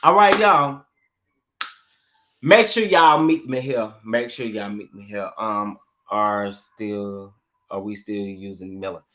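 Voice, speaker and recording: A man's voice: on the low side, slow pace. A man hosting a casual livestream, talking animatedly and repeating himself as he addresses his viewers. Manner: animated, repetitive, talks straight to the chat. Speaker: livestream show host.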